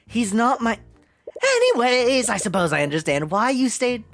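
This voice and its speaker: A woman voicing a worried young woman protagonist, speaking her thoughts low and half-whispered. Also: sing-song, moderate pace. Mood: guarded.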